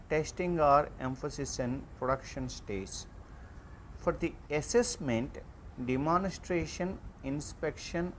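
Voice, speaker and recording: A man giving an online class lecture, reading out slide points in a slow, halting way with frequent fillers. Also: a little high, fairly bright tone, slight background noise.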